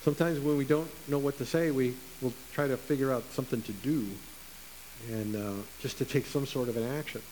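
A man preaching a sermon in an earnest way, slowing down to stress key words. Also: mid-range voice, a little mellow, poor audio. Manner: earnest, with slow emphatic stresses. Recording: faint hiss.

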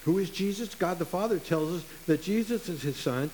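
A man's voice: high-pitched, expressive, darkish tone, rough recording. Earnest preacher man, faint hiss. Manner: earnest, with slow emphatic stresses. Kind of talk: sermon.

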